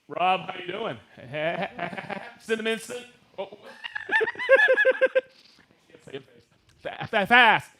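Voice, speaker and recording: Bright, high-voiced upbeat male host. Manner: upbeat, reads out viewer names and hometowns with quick greetings and laughs. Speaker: live stream host. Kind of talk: live stream shout-outs to viewers.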